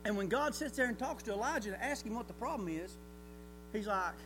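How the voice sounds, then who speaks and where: A man preaching a sermon, telling the story in a folksy, animated way that builds to near shouting. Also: sits high, fast talker, background noise.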